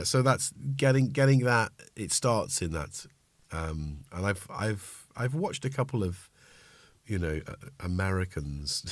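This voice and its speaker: A man with a lowish voice hosts a casual livestream from his home synth studio. He rambles cheerfully and cuts himself off mid-thought. The sound is dry and close, with little room echo. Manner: rambling, self-interrupting, chatty. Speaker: livestream host. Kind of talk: casual chat while playing synths.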